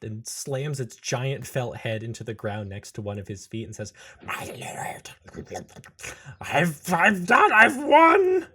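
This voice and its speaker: A man narrating as game master of a tabletop role-playing game, animated and laughing. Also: mid-range voice, slightly rough.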